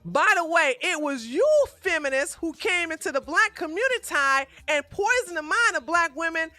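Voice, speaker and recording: Woman, live-stream host, profane rant, combative, high voice, dry sound. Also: expressive, moderate pace, sharp tone, no room sound, soft background music. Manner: profane, combative, rambling with restarts. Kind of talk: ranting live-stream commentary.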